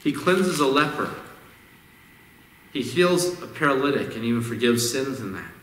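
Male pastor at mid pitch, easygoing sermon delivery, recorded from across a reverberant church. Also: animated, moderate pace, fairly bright tone. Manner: conversational, repeats words as he restarts phrases. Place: church sanctuary. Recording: echoey hall, distant mic.

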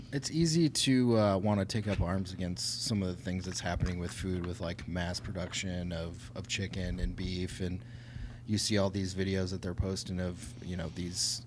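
Low-voiced man, earnest podcast co-host. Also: fairly even intonation, normal speed, noisy background. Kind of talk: casual podcast conversation.

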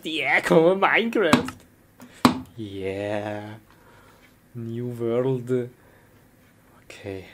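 Woman, low voice with fry, exclaiming in broken English, noisy recording. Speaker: comedy skit performer. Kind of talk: comedy skit acting.

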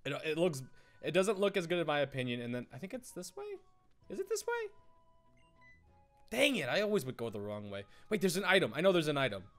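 A man's voice: a little high, sing-song, quick pace, fairly bright tone, faint music behind. A man hosting a let's play, giggly and rambling, easily sidetracked while chatting through the game. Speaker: gaming channel host.

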